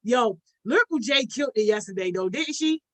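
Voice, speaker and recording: A livestream host with a bright, forceful tone and a pitch that sits in the middle, speaking in loose slang and ending almost every phrase with "yo". The host greets each viewer one by one. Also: expressive, brisk. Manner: slangy, tacks "yo" onto nearly every phrase. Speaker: host of a youth program's online session. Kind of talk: casual livestream chat with participants.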